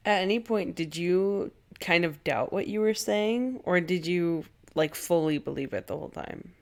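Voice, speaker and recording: Woman, podcast host, low-pitched, gentle, affirming, interviewing. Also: moderate pace. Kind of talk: interview questions.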